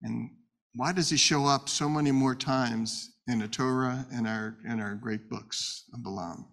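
A man's voice: medium pitch, steady tone, measured pace, a bit bright. A man teaching a Torah story in a conversational way, asking rhetorical questions as he retells it. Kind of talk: storytelling Bible lesson.

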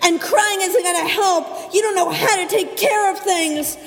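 A woman's voice: very high-pitched, a little slow. A woman voicing a bossy older child who scolds a younger sibling, in a storybook tale. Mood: angry. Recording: echoey hall.

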